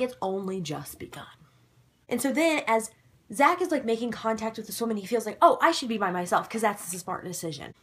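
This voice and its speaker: A young woman casually recapping a TV episode to camera, animated and excitable, dropping into sudden dramatic whispers. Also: mid-range voice, slightly rough. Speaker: vlogger recapping a ghost-hunting show.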